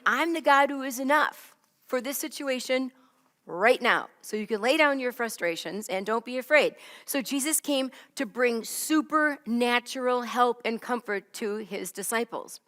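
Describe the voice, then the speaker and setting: A woman's voice: a little high, a bit bright, in a large hall. A woman teaching a Bible lesson in a conversational way, often checking in with "right?" and "okay?". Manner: chatty, keeps asking "right?" and "okay?".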